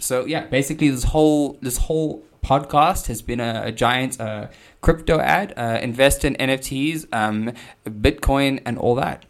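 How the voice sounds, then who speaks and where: A man's voice: mid-range voice, normal speed. A man hosting his own podcast, telling a travel story in a casual, self-deprecating, joking way. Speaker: podcast host.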